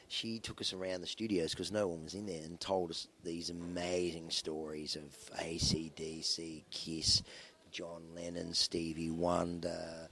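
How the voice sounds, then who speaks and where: A man's voice: low-pitched, flat delivery, unhurried, hardly any pauses, fairly bright tone. A man, a rock musician being interviewed and telling rambling anecdotes full of fillers and restarts. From Australia. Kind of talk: casual interview storytelling.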